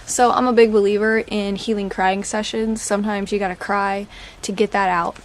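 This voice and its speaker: A woman, talking candidly as a podcast host, chatty and laughing through dark jokes. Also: medium pitch, little pitch movement, normal speed. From Oklahoma. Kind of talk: casual personal talk.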